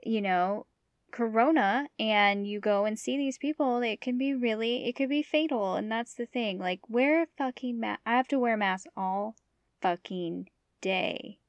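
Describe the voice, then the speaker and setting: Woman, podcast co-host, emphatic, blunt, dry recording, slightly high pitch. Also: unhurried, no echo, dull audio. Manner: emphatic, blunt, swears freely. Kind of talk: casual chat.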